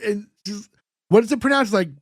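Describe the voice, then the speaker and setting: A man's voice: high voice, slightly rough, no echo, clean studio sound. A man co-hosting a podcast, casually recapping a sitcom episode and acting out lines from it. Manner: animated retelling, acts out quoted lines. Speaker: podcast co-host.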